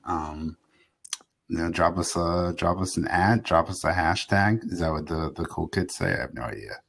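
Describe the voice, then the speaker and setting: A man co-hosting a podcast in casual chat, halting and self-deprecating, with his sentences often trailing off. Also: sits low, gravelly, fairly bright tone, breathy edge. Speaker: podcast co-host.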